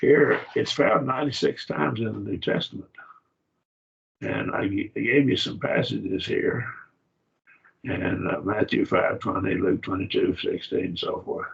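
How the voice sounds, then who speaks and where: A man teaching a Bible study class in a casual lecture, talking in halting phrases and repeating words as he explains. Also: fairly low pitch, steady tone. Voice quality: gravelly and husky. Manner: halting, repeats words, uses fillers and "see?". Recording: dull lo-fi classroom recording.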